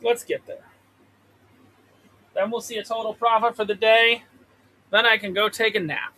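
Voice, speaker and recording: High-voiced and sharp, this man speaks briskly with a flat delivery as he hosts a laid-back trading stream from his trailer. He swears and rambles at the chart, and the audio from his pop-filtered desk mic is poor.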